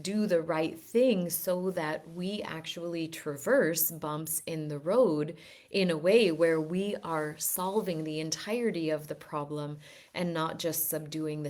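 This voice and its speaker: A woman with a deep, low-pitched voice talks through a reflective wellness lesson for her group. She is earnest and gently persuasive, often restarting her phrases as she thinks aloud. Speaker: wellness teacher. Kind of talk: reflective teaching talk.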